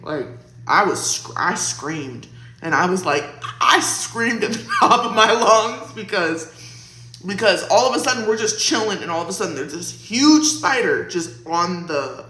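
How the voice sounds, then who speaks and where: A woman's voice: fairly low pitch, fairly bright tone. A young woman vlogger casually telling a storytime, chatty and laughing, with lots of "like". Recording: roomy echo.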